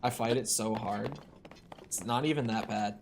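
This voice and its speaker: A man's voice: fairly low pitch, normal speed, noisy background. A man streaming a video game, chatting casually, swearing and breaking into indignant exclamations. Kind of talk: casual live-stream chat while gaming.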